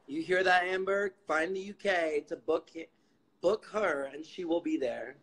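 A man's voice: fairly high pitch, unhurried, background noise. Upbeat man reading out viewer comments. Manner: relays questions, upbeat and teasing. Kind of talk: casual chat.

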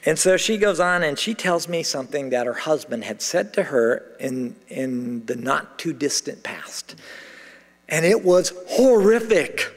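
A man's voice: a little high, animated, a little slow. A middle-aged man preaching a sermon as pastor, telling a story animatedly and acting out the dialogue. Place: large church sanctuary. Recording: long hall reverb.

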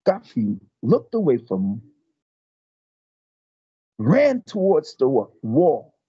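An older man, a martial arts master, telling a story in an interview, animated and stumbling over repeated words. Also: medium pitch, slow pace, husky, no room sound, highs cut off.

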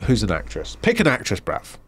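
A man's voice: medium pitch, very animated, normal speed, dry recording. A man co-hosting a podcast, talking in a casual, ranting way and swearing freely. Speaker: podcast co-host.

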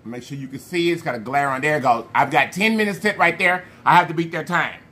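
A man hosting a food challenge vlog, talking to viewers in an animated, playful way with slang and drawn-out hype calls. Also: on the high side. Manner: slang-heavy, addresses viewers as y'all. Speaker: mukbang channel host. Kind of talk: casual vlog talk to viewers.

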